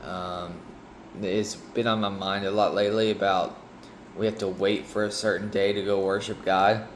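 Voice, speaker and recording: A man reading a Bible chapter aloud and pausing to reflect on it, hesitant and sleepy, with frequent ums and restarts. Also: fairly low pitch, level tone, slight background noise. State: sleepy, yawning. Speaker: Bible reader sharing reflections.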